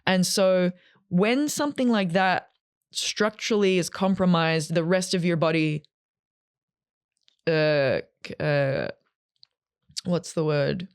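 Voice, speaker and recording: A woman in her thirties telling a personal story to camera in a chatty, animated way, acting out what people said. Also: lowish voice, unhurried, smooth, dry recording, studio quality. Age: 30s. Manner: chatty and animated, acts out quotes. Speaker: vlogger.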